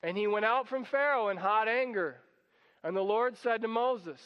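A man with a very high voice preaches a sermon, lively and dramatic, briefly acting out the people he quotes. His voice rings with a long hall reverb. The recording sounds dull and muffled. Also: normal speed. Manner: animated, acts out quoted voices.

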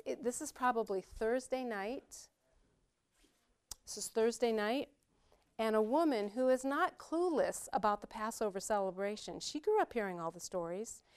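A woman's voice: a little high, clean tone. Woman teaching a Bible study. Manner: chatty, animated, laughs often.

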